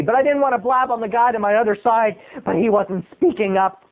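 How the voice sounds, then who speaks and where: Guy doing a dramatic comedy monologue, highish voice, squeaky jumps, sounds like an old tinny tape. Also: fairly even intonation, fairly quick, few pauses. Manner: theatrical, with sudden high squeaky jumps in pitch. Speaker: comic show host telling a personal story.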